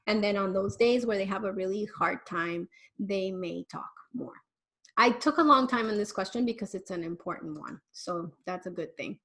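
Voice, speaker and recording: A woman's voice: medium pitch, fairly quick, hardly any pauses, fairly bright tone. A woman who works as a parenting educator, answering viewers' questions in a conversational way and sometimes acting out the voices of parents and children. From Miami. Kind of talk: live Q&A advice talk.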